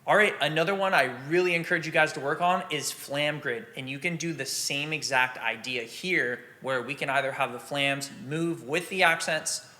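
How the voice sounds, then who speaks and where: Bright-voiced man teaching drum technique. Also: mid-range voice. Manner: relaxed, practical, scats drum rhythms aloud. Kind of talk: instructional explanation.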